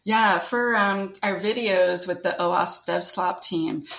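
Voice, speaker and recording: A woman with a noticeably strong Canadian accent chats away as an interview guest. Her voice sits a little low, and she keeps her talk loose and friendly, full of "like" and "right?". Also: slow pace, creaky, fairly bright tone, reverberant. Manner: chatty, upbeat, full of "like" and "right?". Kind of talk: casual interview conversation.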